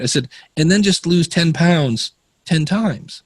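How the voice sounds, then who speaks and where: A man's voice: fairly high pitch, animated, slow pace, slightly rough, no echo. A man telling stories in a casual podcast interview, often acting out the voices of the people he quotes. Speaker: podcast guest.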